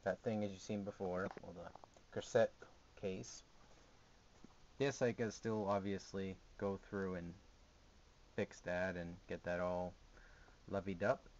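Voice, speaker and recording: A man's voice: deep voice, steady tone, takes it slowly, long pauses, darkish tone, muffled recording, slight background noise. A young man giving a rambling, jokey, sarcastic tour of his small gaming closet, recorded on a camera mic. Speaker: vlogger. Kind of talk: casual home video tour.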